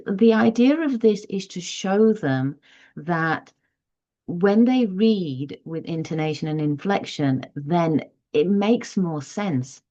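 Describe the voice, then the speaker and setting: A woman teacher giving parents step-by-step advice on reading, in a measured, explanatory way. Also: on the low side, mellow. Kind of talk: instructional talk to parents. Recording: dull lo-fi audio.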